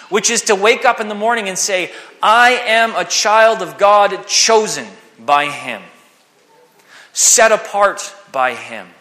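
A man delivers an animated sermon, slipping into quoted voices as he goes. His voice sits high and sounds bright and forceful. The sound hangs in a long hall reverb. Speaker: preacher.

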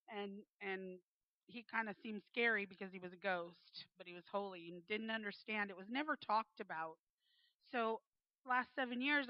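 A woman's voice: mid-range voice, no room sound. A woman in her forties sharing a personal faith testimony, earnest and acting out the voices she quotes. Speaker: speaker giving a faith testimony. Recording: dull, slightly muffled dry sound.

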